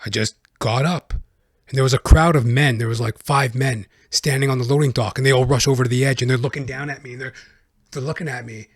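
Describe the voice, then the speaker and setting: A man's voice: mid-range voice, fairly even intonation, fast, dry recording, studio quality. Profane rambling podcast man. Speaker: podcast host. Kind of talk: casual solo monologue.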